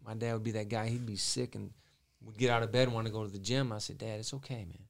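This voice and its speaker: A former boxer talks as an interview guest in a quick, gravelly, fairly low voice. He is earnest and repeats himself, restarting his sentences as he goes. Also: fairly even intonation. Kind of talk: emotional storytelling in a casual interview.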